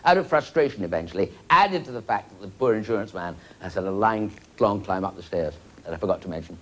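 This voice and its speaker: A man's voice: on the low side, animated, quick pace. A man telling a long rambling joke with chuckling asides. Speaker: comedian.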